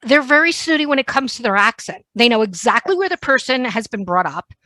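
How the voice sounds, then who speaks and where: New York woman host, playful, bright voice, dry studio sound. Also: on the high side, expressive, no room sound. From New York / New Jersey area. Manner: fast-talking, chatty, playful. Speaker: podcast host. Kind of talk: casual podcast interview.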